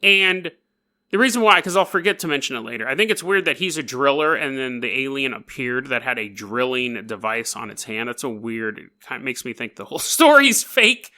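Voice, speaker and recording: Animated, bright-voiced male podcast host. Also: mid-range voice, brisk. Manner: jokey, animated, acts out quotes. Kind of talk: comedic storytelling.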